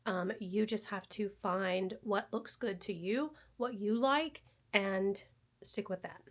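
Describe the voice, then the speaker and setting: Soft-spoken woman vlogging at home. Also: mid-range voice, takes it slowly. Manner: chatty, thinking aloud with fillers. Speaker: vlogger testing a new camera. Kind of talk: casual vlog talk. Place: indoors at home, walking around. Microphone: wireless clip-on mic.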